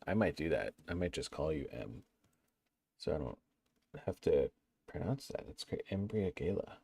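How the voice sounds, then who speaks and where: A low-voiced man in casual livestream chat, his pitch swinging up and down as he talks. He sounds chatty and playful, and the sound is dry and close, with no room around him. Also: lively intonation, moderate pace, gravelly, mellow, breathy edge, no room sound. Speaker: livestreamer building a game map.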